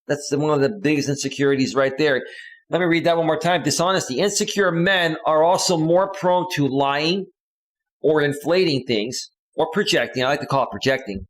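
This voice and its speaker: A man's voice: a little high, fairly quick. A male relationship coach giving casual advice in an earnest, lecturing way.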